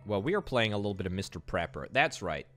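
Over soft background music, a man from Scotland speaks in a lowish voice with big pitch swings and a fairly bright tone. During his casual gaming livestream he's chatty, quick to joke back at viewer chat in his Scottish accent.

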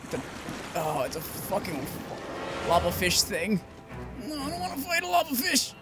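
A man's voice: wildly swooping pitch, normal speed. Yelping, swearing gamer man. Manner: swears often, swings from low grumbling to high yelps. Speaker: gameplay commentator. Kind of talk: let's-play commentary. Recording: game music loud behind voice.

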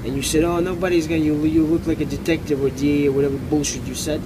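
Man doing a foul-mouthed street hustler, taunting, fast talker, city sidewalk, traffic noise. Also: fairly high pitch, level tone, natural voice. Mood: boastful. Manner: swearing, taunting, loud bursts. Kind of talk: improvised street comedy sketch. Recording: outdoor street with loud traffic.

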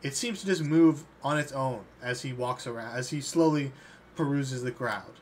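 A man acting as game master of a tabletop game, narrating in a casual, relaxed way with fillers. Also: mid-range voice, normal speed. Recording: faint background noise.

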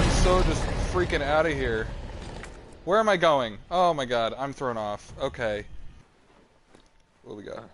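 Excitable male streamer yelping at a game. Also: mid-range voice, normal speed, pauses often, heavy background noise. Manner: excitable, yelps and groans at the game. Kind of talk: live game commentary. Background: game music.

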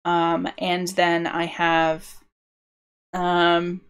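A woman talks slowly to her stream as she works out a game world, stopping and restarting as the ideas come. Her voice sits a little low and her delivery is unhurried and loose. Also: completely flat delivery, clean tone. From United Kingdom. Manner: rambling, self-interrupting, musing aloud. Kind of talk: casual thinking-aloud livestream.

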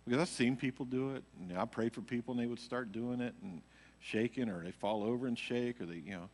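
A man leading worship recounts a wandering personal testimony to the congregation, leaning on fillers such as "you know." His voice is mid-range, fairly quick and a little mellow. The sanctuary's live stream has a long hall reverb.

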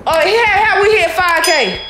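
A woman vlogger, out of breath, excitedly hyping her viewers in slangy talk. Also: extremely high pitch, normal speed, reverberant, over loud music. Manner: hyped, slangy, shouting to viewers. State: out of breath, sweating. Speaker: vlogger pulling a prank. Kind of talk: excited vlog outro.

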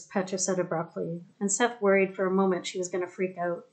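Lady reading a novel out loud, steady, even, mid pitch. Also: fairly quick, hardly any pauses. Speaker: audiobook narrator. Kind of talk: scripted narration.

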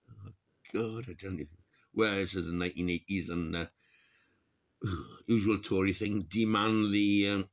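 A man's voice: lowish voice, expressive, moderate pace, vocal fry, fairly bright tone. A middle-aged man from Wales with a Welsh accent, ranting alone and swearing in exasperation, his voice jumping up in mocking bursts. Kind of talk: solo rant to camera.

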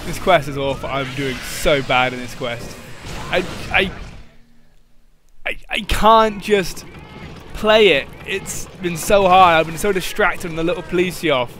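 A man hosting a gameplay video gives casual commentary in a fairly high voice at a measured pace, giggling and repeatedly breaking into laughter mid-sentence. Game music and background noise sit behind his voice.

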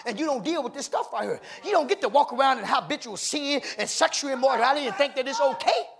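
A male pastor preaching a sermon in a church, calling out to the congregation, often shouting and repeating "my God" and "baby". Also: very high-pitched, vocal fry, husky. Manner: call-and-response preaching, rising to shouts. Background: congregation responding.

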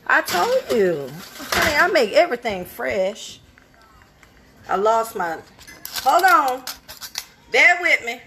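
Woman, home cook and livestream host. Folksy, chatty, high voice that swings all over. Phone mic. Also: sing-song, slow, pauses often, echoey room, background noise. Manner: folksy, calls people honey and child. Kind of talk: casual cooking chat.

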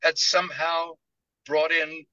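A man, an author, reading his novel aloud in measured first-person literary narration. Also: on the high side, little pitch movement, pushed and bright, dry recording, muffled recording.

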